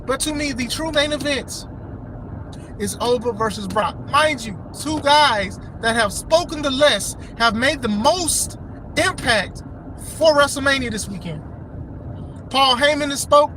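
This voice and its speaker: A man's voice: extremely high pitch, a little slow, low-quality recording. A man hosting a podcast, giving casual, emphatic wrestling commentary and repeating phrases for stress. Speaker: podcast host. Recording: steady background noise.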